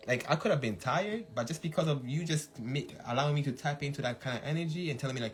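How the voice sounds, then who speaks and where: A man hosting a casual livestream talk, animated, laughing often and shouting when he acts out hype, with faint music behind. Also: a little high, quick pace, few pauses. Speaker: podcast host.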